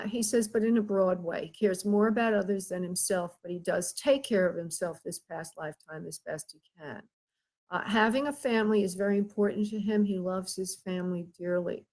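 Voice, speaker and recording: A woman hosts a live psychic reading, her voice a bit husky and breathy. She talks in halting bits with frequent pauses and fillers, gently calling her caller "honey" or "love". Her pitch sits in an ordinary middle range. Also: poor audio. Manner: halting, pauses often, addresses caller with endearments. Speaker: psychic medium host.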